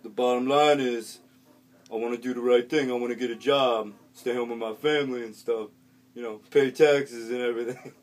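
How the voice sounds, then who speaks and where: A man voicing a brash young male street kid in a recovery group, talking in loud, drawling street slang. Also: medium pitch, steady tone, normal speed, natural voice.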